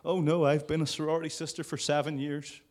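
A man's voice: a little high, little pitch movement, brisk, darkish tone, pitched above the performer's own voice, natural voice. A man voicing a fretful young woman student singer who whines about her future.

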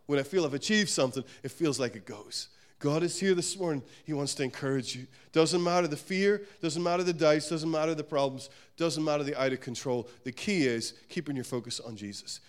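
A man preaching a sermon to his church, emphatic and repetitive, rising to loud declarations and dropping to quiet, soft lines. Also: mid-range voice. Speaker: pastor. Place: church service.

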